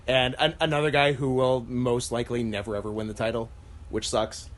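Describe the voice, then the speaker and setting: A man's voice: little pitch movement, a little fast, a bit bright. A man co-hosting a podcast, chatting casually and rambling with frequent laughs. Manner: rambling, laughs often, trails off lower. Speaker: podcast co-host. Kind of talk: casual wrestling chat.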